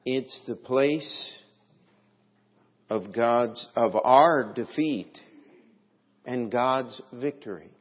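A man preaching a sermon as pastor, slow and deliberate, with emphatic swells in his delivery. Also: medium pitch, slightly rough. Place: church sanctuary. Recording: dull, lo-fi, long hall reverb.

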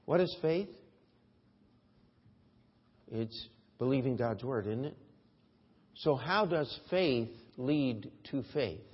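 Husky preaching pastor, man, in a reverberant church. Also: mid-range voice, lively intonation, slow, pauses often. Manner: preaching with swings from quiet to loud emphasis. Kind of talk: sermon. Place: church sanctuary. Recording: dull reverberant church audio.

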